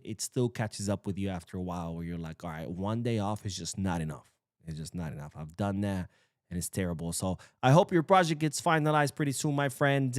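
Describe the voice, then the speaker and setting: A young man hosting a casual livestream, reading chat comments aloud and swearing freely in an animated way. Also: fairly low pitch, clear, resonant tone, no echo, studio quality. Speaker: livestream host. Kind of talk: casual live-stream chat.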